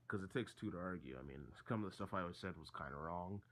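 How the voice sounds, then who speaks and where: A man's voice: low-pitched, animated, brisk. A teenage boy telling a story from school in a casual, rambling way, full of fillers and restarts. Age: teens.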